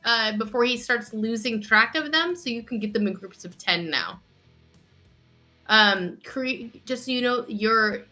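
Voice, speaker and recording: A woman narrating as game master of a live tabletop game, chatty and quick to correct herself. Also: a little high, bright, forceful tone. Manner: chatty, self-correcting, laughs often.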